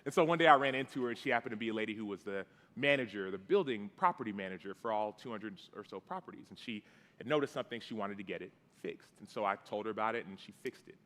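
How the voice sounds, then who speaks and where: A man's voice: lowish voice, animated, fast talker, a bit bright, long reverb tail. A man in his thirties telling a personal story in a sermon, casual and conversational, with fillers and restarts. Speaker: guest preacher. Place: church sanctuary.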